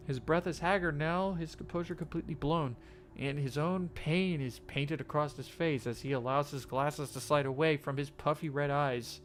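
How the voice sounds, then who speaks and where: A man reading a game's story text aloud, slow and halting, with faint game music behind him. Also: fairly high pitch, fairly even intonation. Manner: shouts profanity at a game character; reads narration quietly and haltingly. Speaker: gamer reading a visual novel aloud.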